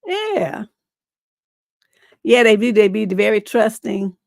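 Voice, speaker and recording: A middle-aged woman with a lowish voice chats casually on her advice livestream, blunt and cussing freely. She rambles with lots of fillers as she tells stories and reads viewer letters. The sound is close and dry, with no room echo. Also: a little fast. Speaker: relationship coach and livestream host.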